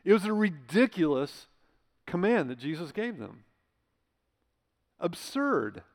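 With a high-pitched, sing-song voice and a slow pace, a male pastor preaches in a church sanctuary. He is emphatic and conversational, directing rhetorical questions at listeners, all under long church hall reverb.

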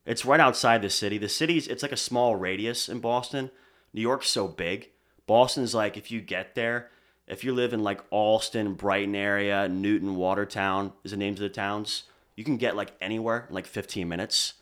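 A young man from Pennsylvania, a DJ guest on a podcast, telling stories in relaxed casual chat, full of fillers. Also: lowish voice, moderate pace. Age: young adult. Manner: relaxed storyteller, many fillers like "like". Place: podcast studio.

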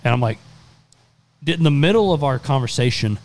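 A man's voice: medium pitch, lively intonation, fairly quick, darkish tone. A man in his twenties, a podcast co-host, telling a rambling, profane story in casual chat. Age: 20s.

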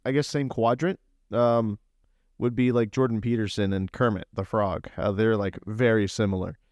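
A man's voice: on the low side, steady tone, moderate pace, darkish tone, no echo. Laid-back rambling young man, dry sound. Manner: rambling, laid-back, says "dude" constantly. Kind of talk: casual comedic banter.

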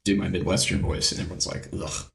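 A man's voice: fairly low pitch, very animated, brisk. A man bantering on a live comedy stream, incredulous and exclaiming. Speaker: reader and player on a comedy show. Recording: roomy echo.

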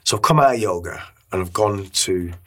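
A man's voice: low-pitched, moderate pace, a bit bright. A middle-aged man, a podcast guest, telling an emotional story in a rambling way, with many restarts and casual swearing. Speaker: interview guest.

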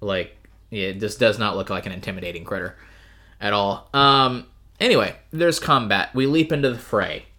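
Wry, rambling podcast host, bright voice. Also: male voice, on the low side, moderate pace. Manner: wry, rambling, frequent fillers. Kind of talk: casual book discussion.

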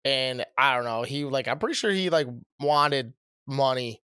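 A man's voice: medium pitch, moderate pace, bright, forceful tone, clean tone, no echo, clean studio sound. A young man co-hosting a podcast, telling rambling, profane stories in casual chat. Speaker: podcast co-host.

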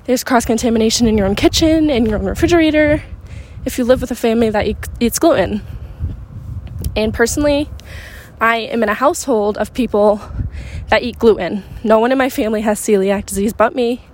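A young woman hosting a podcast, chatting excitedly while out on a walk, a little out of breath. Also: a little high, fairly quick, a little hiss or hum. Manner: bubbly, rambling, excitable. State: slightly out of breath. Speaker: podcast host. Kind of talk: casual chat. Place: outdoors on a walk in a neighborhood, windy.

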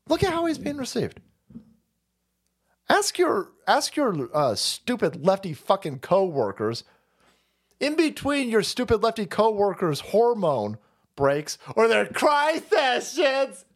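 A man's voice: very high-pitched, very animated, takes it slowly. A man hosting a livestream, ranting profanely and sarcastically and laughing often. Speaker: streamer host. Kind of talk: livestream commentary rant.

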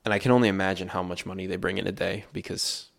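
A man's voice: low voice, fairly even intonation, fast talker, creaky. A man telling a story in a laid-back way, full of filler words, as co-host of a casual podcast. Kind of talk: casual chat. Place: New York City area.

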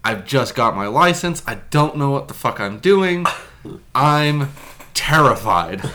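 A man's voice: mid-range voice, lively intonation, a little slow, fairly bright tone. A young man telling a story in casual podcast chat, laughing often and swearing freely.

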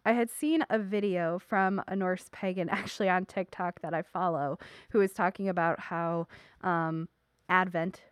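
A woman's voice: lowish voice, fairly even intonation, moderate pace, smooth, dry recording, clean studio sound. A woman co-hosting a casual podcast, who talks loosely with plenty of "like" and "you know". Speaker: podcast co-host.

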